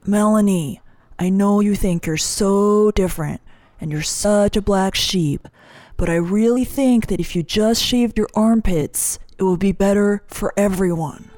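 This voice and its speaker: A woman voicing a whiny, smug adult brother in a lowered voice. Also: measured pace, mellow, no echo, clean studio sound, lightly acted. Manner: whining, smug.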